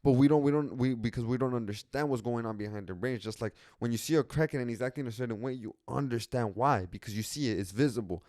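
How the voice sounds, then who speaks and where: Young man, casual rambling podcast talk, heavy slang and swearing, smooth voice, dry close mic. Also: medium pitch, fast talker, hardly any pauses, darkish tone, no echo. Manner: rambling, profane slang, frequent restarts. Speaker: podcast host.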